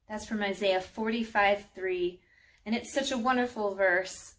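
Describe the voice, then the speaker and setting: A woman reading a children's storybook aloud in a gentle, friendly way, speaking to young listeners. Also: medium pitch, unhurried. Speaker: children's book reader.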